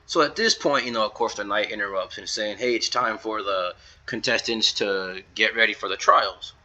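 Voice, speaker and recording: A man with a very bright, forceful voice pitched a little low talks through a game-versus-manga comparison. He keeps it loose and chatty, stringing quotes together with "he's like," ums and uhs. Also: normal speed, highs cut off. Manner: retells scenes in a loose run of "he's like" quotes, with fillers. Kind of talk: casual commentary video.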